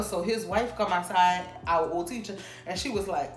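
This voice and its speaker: A young woman casually telling a storytime, animated and acting out the people she quotes. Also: medium pitch, normal speed, few pauses, roomy sound, music in the background. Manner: animated, acts out quoted people in raised voices. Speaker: storytime vlogger.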